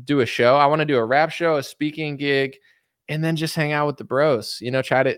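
A man's voice: mid-range voice, a bit bright, no room sound, studio quality. A man from the United States answering viewer questions in a casual, rambling, joking livestream chat. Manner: rambling, joking, reads viewer comments aloud.

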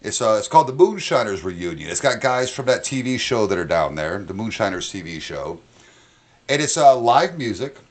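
A man's voice: fairly low pitch, very animated, moderate pace. A young adult man from North Carolina hosting a podcast, chatting loosely and cursing freely as he banters with his co-host and guest. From North Carolina, USA. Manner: loose, profane, laughing banter. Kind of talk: casual podcast chat.

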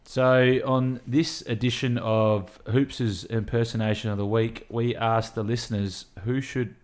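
A man's voice: medium pitch, flat delivery, a little slow. A young Australian man co-hosting a casual podcast, dry and understated. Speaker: podcast co-host. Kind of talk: casual chat.

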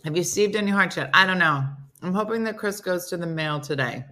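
A woman's voice: fairly low pitch, fast talker, bright, forceful tone. A woman hosting a casual live morning stream, chatty and playful, teasing her viewers. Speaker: host of a live morning show.

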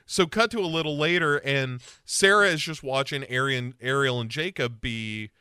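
A man's voice: medium pitch, normal speed, pushed and bright, clean tone, no echo, clean studio sound. A man in casual chat recapping a TV show, acting out the scenes in playful put-on voices. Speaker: podcast co-host.

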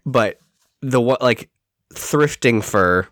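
A man co-hosting a podcast, trading wry, jokey remarks in a casual chat. His voice has a middle pitch. It is recorded close and dry, with little room sound. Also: expressive, slow, a bit bright, no room sound. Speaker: podcast co-host. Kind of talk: casual movie discussion.

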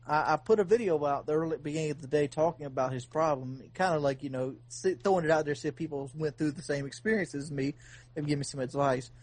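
A man with a slightly high voice tells a long story in a casual podcast chat. He rambles earnestly and restarts often. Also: quick pace, a little mellow.

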